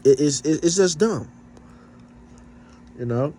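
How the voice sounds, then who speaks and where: A man's voice: fairly high pitch, expressive, slow, mellow, a little hiss or hum. Blunt, profane man ranting casually. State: slightly stuffed up. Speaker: vlogger. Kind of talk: casual rant to camera.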